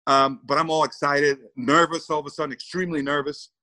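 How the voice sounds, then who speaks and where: A man's voice: a little high, little pitch movement, a little fast, bright, forceful tone, poor audio. A man, a former baseball player, telling a story in an interview with lots of repeated words, acted-out quotes and laughter.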